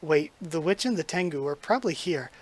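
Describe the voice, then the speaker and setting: A man's voice: on the high side, lively intonation, a little fast. Flustered shy witch girl, as a man reads her lines. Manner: anxious, self-scolding inner monologue. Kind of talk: reading manga aloud.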